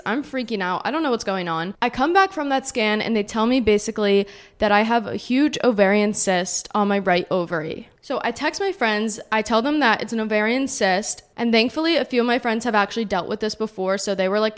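A woman's voice: mid-range voice, a little fast, clean tone. A young woman in her twenties, a podcast host telling a personal story in a chatty, casual way and saying "like" a lot. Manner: chatty, heavy use of "like".

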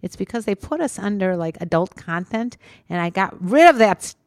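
A woman's voice: medium pitch, expressive, normal speed, dry recording, studio quality. A middle-aged woman co-hosting a casual podcast, chatty and teasing, with an easy laugh. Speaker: podcast co-host.

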